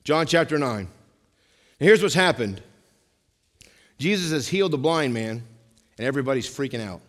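A male pastor preaching a sermon, jumping from loud emphasis to hushed asides and repeating key lines. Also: mid-range voice, expressive, normal speed. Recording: long hall reverb.

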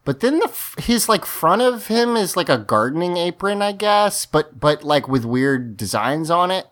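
A man's voice: fairly high pitch, sing-song, moderate pace, fairly bright tone. A man hosting a casual podcast, recapping a TV episode in a loose, rambling way with many fillers. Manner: rambling, lots of fillers and restarts. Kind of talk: casual chat.

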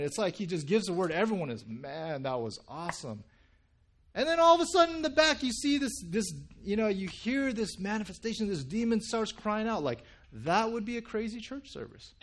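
A young male pastor giving a casual, conversational sermon, full of "you know" and "right?", joking with the congregation. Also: sits high. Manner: chatty and animated, heavy "you know" and "right?" fillers, jokes with congregation.

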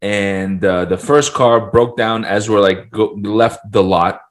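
A man's voice: fairly low pitch, slow. A young man co-hosting a casual podcast, telling a long rambling story full of fillers and restarts. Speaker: podcast co-host. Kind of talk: casual chat.

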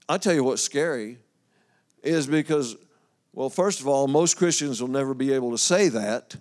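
A man with a fairly high voice, darkish tone, and lively intonation preaches at normal speed. His sermon is casual and folksy: he reads scripture aloud, discusses it with the congregation, talks right to them, and laughs after losing his place.

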